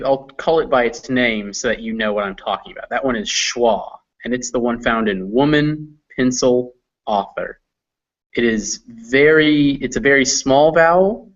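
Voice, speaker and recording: A man's voice: mid-range voice, unhurried. A man tutoring English pronunciation, patiently listing example words one at a time. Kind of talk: slow explanatory teaching. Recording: muffled lo-fi audio.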